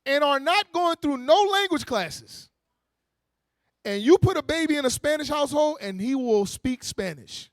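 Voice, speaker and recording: Man, preacher, sermon, very high voice, conversational, slangy, animated. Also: normal speed, no room sound, studio quality. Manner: lively, conversational preaching with slang, frequent restarts and mock-voiced asides. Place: church meeting hall.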